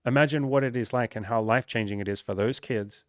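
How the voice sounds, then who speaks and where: A man's voice: mid-range voice, quick pace, no room sound, studio quality. A man, a relationship coach, talking bluntly and swearing freely as he reacts to a viewer's messages.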